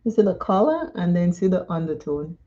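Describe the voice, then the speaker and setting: A woman's voice: lowish voice, sing-song, fairly quick, warm tone, highs cut off. A woman from Dominica, chatting and telling stories during a live makeup tutorial and laughing often. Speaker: makeup vlogger.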